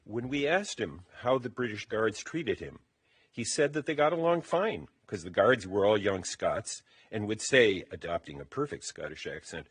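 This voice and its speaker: Reading from written remarks, a man gives a eulogy at a funeral. His voice is low with a slight huskiness, and he speaks in a steady, deliberate way at an unhurried, measured pace.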